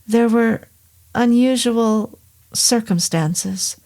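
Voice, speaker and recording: A woman voicing a hesitant, apologetic male doctor who rambles, in a slow audiobook reading. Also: very high-pitched, darkish tone, full character voice. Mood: uneasy. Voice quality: hesitant, halting. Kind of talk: audiobook character voice.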